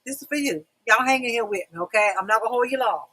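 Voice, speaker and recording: The audio is poor as a middle-aged woman hosts a relaxed livestream talk show, talking straight to her audience. She's chatty and repetitive, calls them "y'all," and speaks quickly in a fairly high, fairly bright voice.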